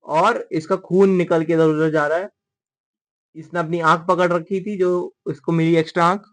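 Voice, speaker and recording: A man hosting a manga readalong, commenting casually with rapid, joking asides. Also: fairly high pitch, little pitch movement, fairly bright tone.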